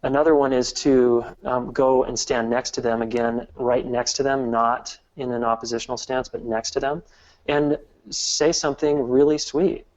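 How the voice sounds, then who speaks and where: A man speaking in a relaxed interview, working through his points one step at a time and often restarting a phrase. He has a mid-range voice. The recording sounds dull and a little lo-fi. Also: medium pitch, moderate pace. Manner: earnest, explains step by step with many restarts. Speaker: guest relationship expert. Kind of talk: casual interview talk.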